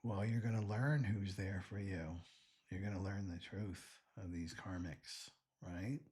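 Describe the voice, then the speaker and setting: Husky-voiced man giving spiritual teaching. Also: sits low, fairly even intonation, a little slow, a little mellow. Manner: reassuring, keeps adding "right?". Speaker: astrologer.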